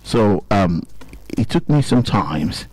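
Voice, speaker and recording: A man with a Nigerian accent, co-hosting a radio chat and telling an animated story, laughing often and acting out voices. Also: fairly low pitch, slow pace, breathy edge, no echo. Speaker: radio co-host.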